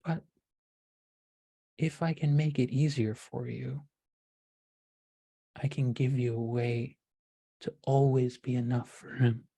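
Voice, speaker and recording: A woman voicing a smooth, self-absorbed man whose sweet, condescending words carry hidden venom. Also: medium pitch, a little slow, long pauses, dark tone, no room sound. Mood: honeyed, patronizing.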